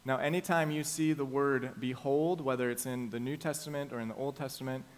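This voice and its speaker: A male pastor gives his morning sermon in a medium-pitched voice. He is emphatic and lets the key phrases slow down and land. He walks his listeners through the passage point by point. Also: steady tone.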